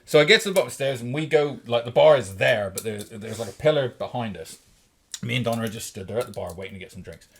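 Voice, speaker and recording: Lively, swearing man telling a story. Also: mid-range voice, fast, slightly rough. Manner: swears freely, laughs through his own story. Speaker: podcast co-host. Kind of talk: casual storytelling chat.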